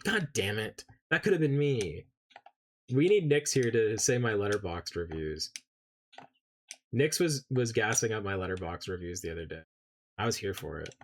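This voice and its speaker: A man's voice: medium pitch, moderate pace, slight background noise. A man who spent his early childhood in England, streaming and chatting casually, ranting with lots of swearing and greeting viewers. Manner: profane, animated ranting. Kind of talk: casual live-stream chat.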